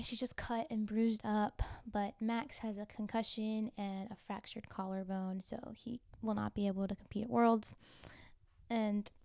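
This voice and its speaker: A woman's voice: mid-range voice, mellow, no echo, studio quality. A woman recapping TV episodes in a chatty, wry way, full of casual filler and teasing asides. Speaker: TV show recapper.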